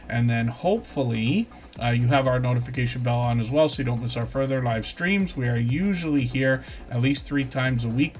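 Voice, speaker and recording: A man hosting a casual live stream chat, talking on between bouts of a lingering cough and often saying pardon me. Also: medium pitch. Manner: chatty, apologetic, says pardon me often.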